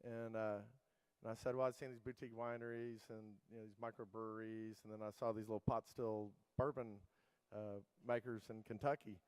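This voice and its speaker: A man's voice: on the low side, flat delivery, fairly quick, a little mellow, clean tone, no echo, rough recording. A middle-aged man giving a conference keynote, telling casual, rambling anecdotes full of fillers and restarts. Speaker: keynote speaker.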